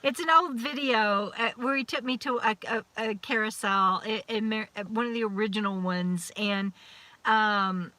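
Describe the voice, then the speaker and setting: A woman's voice: on the high side, moderate pace, bright, forceful tone. A middle-aged woman hosting a casual live chat, rambling and restarting her sentences. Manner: chatty, rambling, frequent restarts and laughs.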